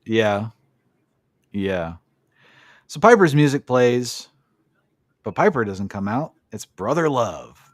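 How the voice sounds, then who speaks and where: A podcast host recaps a wrestling match in casual chat, swearing freely and giving blunt opinions. His medium-pitched voice has a sing-song quality, and he speaks slowly with frequent pauses. The recording is studio quality with no room sound.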